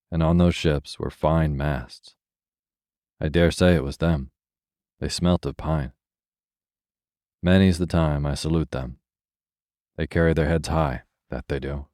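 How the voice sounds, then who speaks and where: A worldly old stork, voiced by a man, recalls its travels in a bedtime storybook. It speaks slowly and thoughtfully in a very deep voice. The sound is warm and mellow, recorded dry and close. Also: steady tone, no room sound. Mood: musing.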